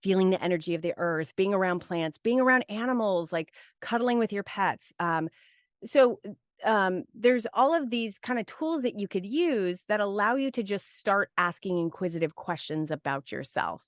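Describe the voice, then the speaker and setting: Casual, reflective interview talk comes from a woman guesting on a podcast, her mid-range voice lively in intonation at normal speed. She rambles and restarts, saying "like" and "right?" often; the recording is dry and cleanly studio-produced.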